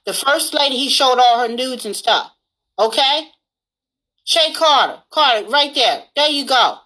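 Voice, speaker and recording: A woman hosting a livestream, talking forcefully to her viewers and checking in with "okay?" as she makes her points. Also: sits high, expressive, unhurried, rough recording. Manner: forceful, addresses viewers directly, repeats "okay?". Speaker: livestream host. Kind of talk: casual livestream commentary.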